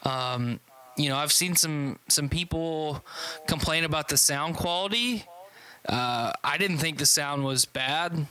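A man's voice: on the high side, measured pace, bright, forceful tone, rough recording. A man in casual chat, recapping a concert he saw in a loose, rambling way with frequent swearing and restarts.

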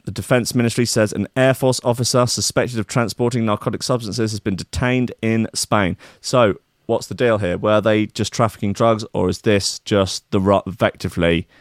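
A man with a lowish voice chats through the news in a casual commentary style. He reads items aloud and breaks off into irreverent, profane asides. The sound is dry and close to the mic. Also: no room sound. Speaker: podcast host.

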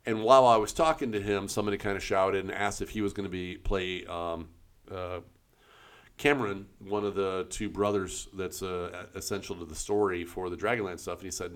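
A man's voice: low voice, fairly even intonation, brisk, fairly bright tone. A man co-hosting a casual tabletop gaming podcast, rambling and hunting for words with frequent fillers. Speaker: co-host, game store staff.

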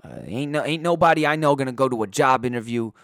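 A man ranting about sports in crude, profane language, his voice going hoarse. He swings between loud outbursts and low muttering. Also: fast talker, no echo, studio quality. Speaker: sports podcaster. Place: indoors.

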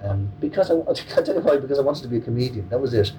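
Being interviewed as a guest, an Irish comedian in his forties jokes and rambles, restarting often. His medium-pitched voice is warm and expressive, and he races along. The mic is distant, with faint noise in the background.

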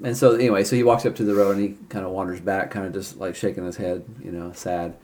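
A man narrating a tabletop game as game master, relaxed and often chuckling. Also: low voice, quick pace, slight background noise.

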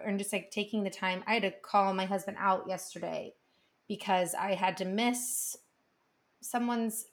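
Woman, 30s-40s, podcast co-host, mid-pitched, earnest, rambling, casual chat. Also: steady tone, moderate pace. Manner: earnest, rambling storytelling with restarts.

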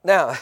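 A man preaching a sermon as pastor. He uses emphatic call-and-response, repeats phrases and slows down to stress key words. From United States.

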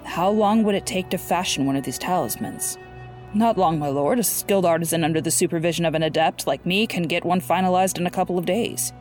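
Cautious male sorcerer, measured and deferential, faint music bed, read by a woman. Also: fairly low pitch, a little mellow, natural voice.

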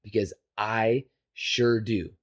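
A man's voice: lowish voice, fairly even intonation, slow. A man hosting a podcast, delivering an impassioned, emphatic political rant with profanity. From Canada. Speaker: podcast host. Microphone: podcast microphone.

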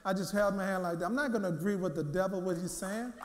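A male minister preaching a sermon, telling a personal testimony in a lively way and repeating his words as he goes. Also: sits high, quick pace, echoey room, slight background noise. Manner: lively storytelling, repeats words, acts out quotes.

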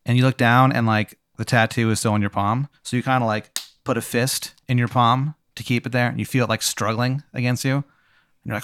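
A man narrating an improvised comic scene, rambling and deadpan with many fillers. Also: mid-range voice, a little fast, smooth, dry recording, clean studio sound.

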